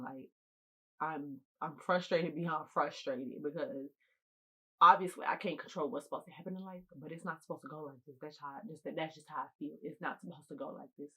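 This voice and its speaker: A woman's voice: low voice, pushed and bright, slightly rough, poor audio. A young woman telling a casual storytime to her viewers, eating as she talks, repeating phrases for emphasis and speaking straight to the audience. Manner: eating while talking. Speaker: storytime vlogger.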